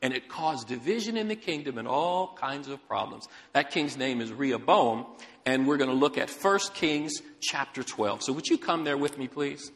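A man preaching as a guest pastor, telling a story with animated delivery and calling to the congregation. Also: mid-range voice, normal speed, long reverb tail. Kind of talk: sermon. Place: church sanctuary.

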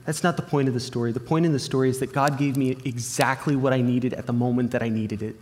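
A man's voice: mid-range voice, fairly even intonation, fast talker, darkish tone. Earnest man preaching in a reverberant hall. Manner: earnest storytelling, acting out remembered dialogue. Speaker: pastor. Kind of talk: sermon with personal story.

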